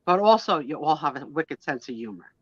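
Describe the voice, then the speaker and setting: A woman with a New Jersey accent telling stories on a casual live stream, animated and self-mocking. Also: low-pitched, brisk, slightly rough, dry recording, muffled recording. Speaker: co-host of a live sale stream. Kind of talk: casual storytelling chat.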